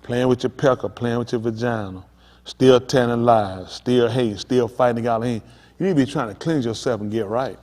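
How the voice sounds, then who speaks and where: A man's voice: mid-range voice, normal speed, a little mellow. Preaching man in a reverberant hall. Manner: emphatic, talks straight to the congregation. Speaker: pastor. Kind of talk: preaching sermon.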